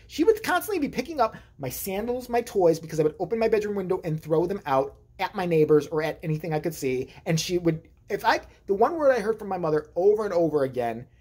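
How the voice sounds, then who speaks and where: A woman vlogger telling rambling family stories in a casual monologue, full of profanity and dark jokes. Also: fairly low pitch, animated, fast talker, husky. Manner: rambling, profane, darkly joking.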